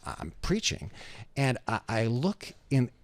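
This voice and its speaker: Animated man telling a story. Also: medium pitch, a little slow, no room sound. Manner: animated storyteller, acts out voices. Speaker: pastor. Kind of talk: storytelling radio interview.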